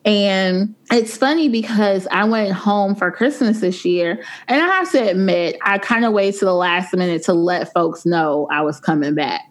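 A young woman talks with friends in relaxed podcast chat. She tells stories at an easy middle pitch, with lots of "like" and "you know" fillers. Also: moderate pace, few pauses. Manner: chatty storytelling with many fillers. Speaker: podcast co-host. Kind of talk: casual chat.

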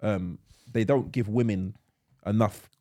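A man with a British accent co-hosting a podcast, bantering in a jokey, excitable way. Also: fairly low pitch, no room sound, studio quality. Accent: British English. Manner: excitable, jokey, quick interjections. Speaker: podcast co-host. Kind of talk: casual banter.

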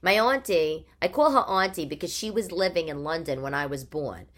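A woman hosting her podcast, chatting in a chatty, animated monologue from her living room. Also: low voice, normal speed. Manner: chatty and animated, with rhetorical questions. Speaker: podcast host. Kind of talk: casual monologue.

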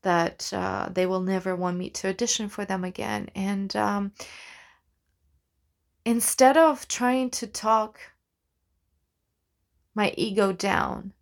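A woman, hosting a solo podcast and talking thoughtfully and earnestly, often restarting her sentences. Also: medium pitch. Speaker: podcast host, actor. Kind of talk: reflective solo podcast talk.

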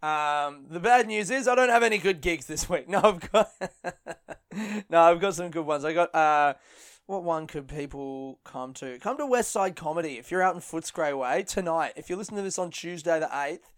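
A man's voice: on the high side, lively intonation, moderate pace, fairly bright tone. A young man, a comedian, chatting casually on his podcast, rambling and laughing a lot and swearing freely. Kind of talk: casual chat.

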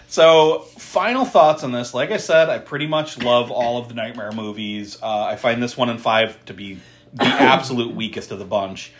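This co-host, speaking at a moderate pace with a middle-range voice, recounts a movie one scene at a time on a casual podcast. Laughter, frank cursing and dry, sarcastic remarks keep breaking in, over a slight hiss or hum.

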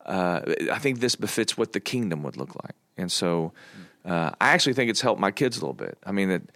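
A man's voice: deep voice, big pitch swings, a little fast, fairly bright tone, dry recording. A middle-aged man in casual podcast conversation, talking in an earnest, coaching way with a few jokes. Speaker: church pastor, podcast guest.

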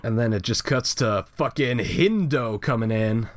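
A man's voice: medium pitch, animated, unhurried, no echo. A man co-hosting a podcast, casually chatting through a comic, laid-back and swearing often. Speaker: podcast co-host. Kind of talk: casual chat reviewing a comic.

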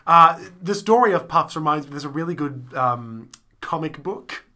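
A man co-hosting a casual podcast, trading quick, playful banter and swearing casually. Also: on the high side, animated, sharp tone, a little hiss or hum. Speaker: podcast co-host. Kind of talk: casual chat.

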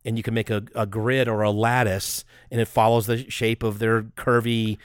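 A man co-hosting a podcast, chatting casually and excitedly, rambling and restarting his sentences. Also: fairly low pitch, moderate pace, clear, resonant tone, no room sound, studio quality. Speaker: podcast co-host.

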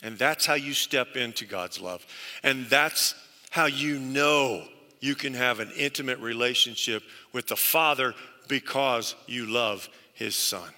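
Slow, bright-voiced male pastor preaching. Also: mid-range voice, in a large hall. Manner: earnest storytelling with emphatic repetition. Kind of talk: sermon.

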